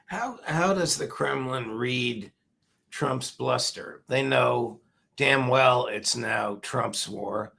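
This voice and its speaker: A hoarse man hosting an interview, asking blunt, pointed questions. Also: medium pitch, takes it slowly, sharp tone, a little hiss or hum. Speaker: host.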